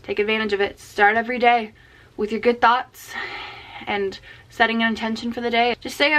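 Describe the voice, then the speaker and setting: Young woman vlogging, kinda high voice, chatty and earnest, says like a lot. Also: fairly even intonation, brisk, fairly bright tone. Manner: chatty, frequent "like" fillers, earnest. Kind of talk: casual rant and pep talk to camera.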